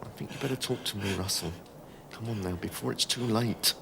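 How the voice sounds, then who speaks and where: An actor playing a tough, steady middle-aged police sergeant in a TV police drama, firm and coaxing in a voice. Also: male voice, fairly low pitch, fairly quick, gravelly, background noise. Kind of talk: television police drama acting.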